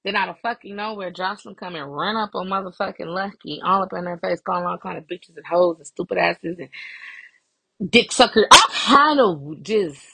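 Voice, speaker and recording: A woman hosting a podcast, casually recapping a reality show in a profane, animated way and acting out the people in it. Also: lowish voice, normal speed, vocal fry, breathy edge, no room sound, poor audio. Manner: profane, animated retelling with quoted voices. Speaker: podcast host.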